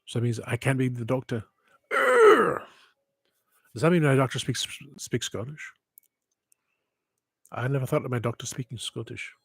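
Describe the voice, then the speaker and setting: On a headset, with no echo, the livestream host talks briskly in a medium-pitched, steady, slightly rough voice. It's a casual, meandering stream where he keeps cutting himself off and adding wistful asides.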